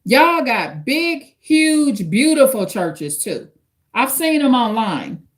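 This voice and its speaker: A woman's voice: on the high side, very animated, slow pace. A woman, chatting casually on a livestream, reading viewer comments and giving blunt advice straight to the camera. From United States. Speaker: livestream host.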